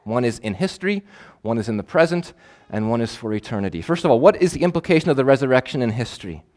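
A male preacher delivering a sermon, emphatic and measured, repeating key phrases for weight. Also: medium pitch, sing-song, a little mellow. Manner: measured, stretches words for stress.

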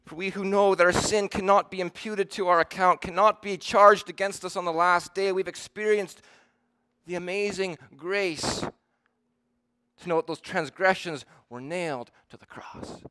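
Preacher, male, fairly high voice, earnest and emphatic sermon delivery. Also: fairly even intonation, sharp tone, clean tone. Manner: earnest, emphatic, with slow stressed quotes.

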